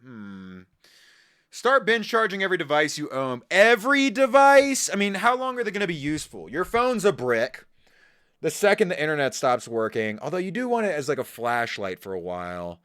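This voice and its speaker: Man streaming live, profane and incredulous, voice swinging wildly up and down, a bit high for a guy. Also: sing-song, normal speed, clean tone. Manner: loud, profane and incredulous, mocking with laughter. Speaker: livestreamer. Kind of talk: casual live-stream reaction chat.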